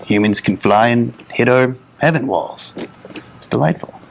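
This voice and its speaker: A man's voice: mid-range voice, unhurried, creaky, slight background noise. A man playing a literal-minded, dim angel who makes sheepish, soothing excuses in an improvised comedy sketch. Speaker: podcast host in a comedy sketch.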